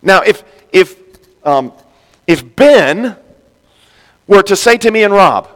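Male pastor preaching, lively, plays the voices he quotes; slightly high pitch, long hall reverb. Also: slow pace, long pauses. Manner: animated, acts out quoted speakers with big pitch jumps. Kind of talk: sermon.

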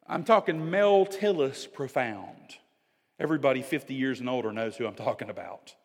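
A middle-aged male pastor preaches a sermon, swinging between loud, emphatic lines and hushed, almost whispered storytelling. His voice is medium in pitch at normal speed, with a big-room sound.

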